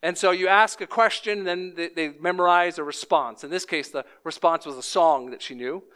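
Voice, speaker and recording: A man in his thirties preaching a sermon as pastor, measured and emphatic, repeating key lines. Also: fairly high pitch, steady tone, sharp tone, clean tone.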